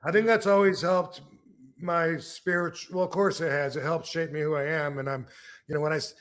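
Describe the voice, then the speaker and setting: A middle-aged man from Michigan hosts a casual podcast chat. He rambles through a story with plenty of fillers and false starts. His voice sits slightly high for a man. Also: steady tone, fairly quick, a bit bright. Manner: rambling with many fillers and restarts. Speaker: podcast host, wrestler.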